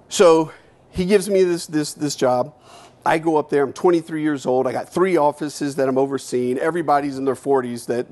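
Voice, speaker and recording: A man in his fifties gives a keynote speech, telling his story in a candid, animated way with casual swearing. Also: a little high. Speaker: keynote speaker.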